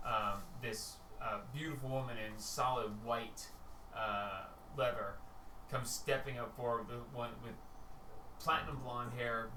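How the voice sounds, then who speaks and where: A man's voice: medium pitch, background noise. A man narrating as game master of a tabletop game, rambling with fillers. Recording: roomy distant mic, faint ambience.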